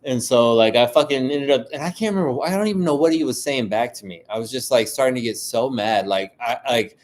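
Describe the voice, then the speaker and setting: A man of ordinary pitch vents alone on his podcast. He swears constantly and strings his thoughts together with "like" and "you know". His heated rant keeps looping back on itself. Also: fairly quick. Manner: heated, profane ranting with many fillers. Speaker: solo podcast host. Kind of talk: casual monologue.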